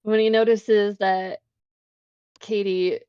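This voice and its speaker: A chatty woman describing her character's actions at a tabletop game, laughing often and filling her sentences with 'like'. Her voice is mid-pitched, heard through a muffled, lo-fi mic in a dry space. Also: little pitch movement, slow pace, dark tone, clear, resonant tone, dry recording. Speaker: player. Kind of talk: casual tabletop play.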